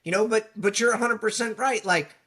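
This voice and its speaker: Guy guest, kinda high voice, earnest, reflective chat. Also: a little fast, pushed and bright. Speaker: police union leader guest. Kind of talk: casual interview conversation.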